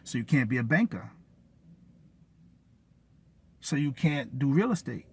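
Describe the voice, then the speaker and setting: A man's voice: mid-range voice, big pitch swings, unhurried, husky, no room sound. A man telling a story in an agitated, profane rant, cursing and repeating himself. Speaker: vlogger.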